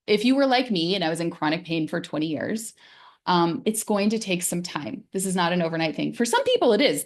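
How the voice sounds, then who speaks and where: A middle-aged woman, a wellness coach, giving a casual, gentle and encouraging talk about pain, sometimes dropping into soft, soothing self-talk. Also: lowish voice. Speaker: physical therapist and wellness coach.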